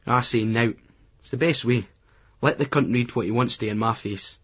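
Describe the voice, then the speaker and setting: Scottish guy reading an audiobook, slangy and gritty, husky, dull lo-fi sound. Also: medium pitch, moderate pace, fairly bright tone. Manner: gritty, colloquial. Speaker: audiobook narrator. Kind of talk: first-person audiobook narration. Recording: remastered poor-quality audio.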